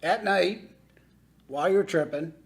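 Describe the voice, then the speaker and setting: A man hosting a podcast, talking casually in a goofy, expressive, joking way. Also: high voice, a little slow. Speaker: podcast host. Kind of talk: casual chat.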